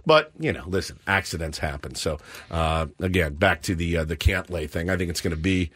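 A man co-hosting a morning sports radio show, telling a self-mocking story in an animated way and acting out the scenes. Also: low-pitched, a little fast, husky.

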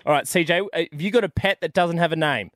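A man's voice: fairly high pitch, fast talker, fairly bright tone, dry recording, studio quality. A man co-hosting a radio show, upbeat and teasing, laughing often as he talks with callers. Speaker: radio co-host. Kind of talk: casual radio banter.

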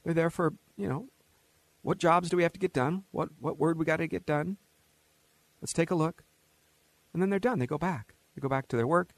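A man hosting a talk radio show, giving an opinionated monologue in an animated, mocking way. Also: fairly high pitch, gravelly. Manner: animated, mocking, acts out quoted voices with laughs.

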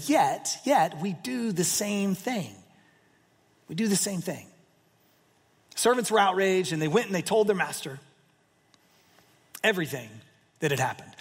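A man preaching a sermon, retelling a parable with emphatic asides and lively storytelling. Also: sits high, moderate pace, long pauses, husky, in a large hall. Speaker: pastor.

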